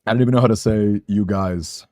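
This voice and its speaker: A man streams a game and chats with viewers casually, rambling, poking fun at himself and laughing often. His voice is lowish, fairly quick and a little mellow, with a dry recording and clean studio sound.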